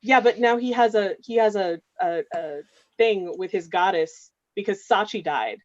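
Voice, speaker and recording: A woman's voice: medium pitch, normal speed, lo-fi sound, a crowd in the background. A woman chatting casually on a video call, telling long game stories full of fillers. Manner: rambling, filler-heavy storytelling. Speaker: game master staff member. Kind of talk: casual chat on a livestream.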